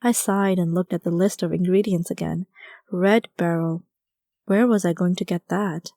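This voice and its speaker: A woman's voice: fairly low pitch, fairly even intonation, moderate pace, dark tone, no room sound, clean studio sound. A woman reading a first-person story aloud as an audiobook narrator, in a wry, conversational storytelling manner.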